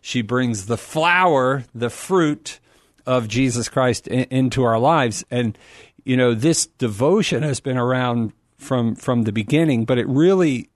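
A middle-aged man as a radio guest, talking in an enthusiastic, rambling way with a preacher's warmth. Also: mid-range voice, no echo, clean studio sound. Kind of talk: casual radio talk.

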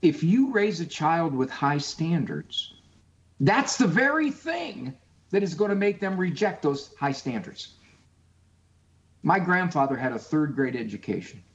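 A man's voice: fairly high pitch, measured pace, dull audio. A man speaking as a guest psychologist on a call-in radio show, emphatic, acting out quotes. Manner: animated, emphatic, acts out quotes.

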